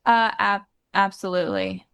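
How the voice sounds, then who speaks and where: A woman's voice: medium pitch, sing-song, moderate pace, a bit bright, clear, resonant tone, highs cut off. A young adult woman singer talking casually in an interview, hesitant, with many ums and restarts.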